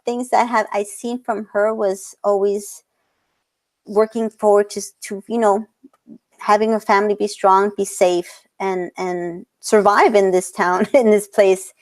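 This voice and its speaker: A woman's voice: mid-range voice, steady tone, a little slow. A woman in her thirties, a portrait photographer talking as an interview guest. She speaks earnestly, laughs often and drops Spanish words into her English. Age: 30s. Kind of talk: casual interview talk.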